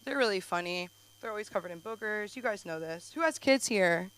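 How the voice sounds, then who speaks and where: Young female stand-up host, bright voice, rambling self-deprecating asides, live club stage. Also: mid-range voice, animated, fairly quick, slight background noise, low-quality recording. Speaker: stand-up comic and show host.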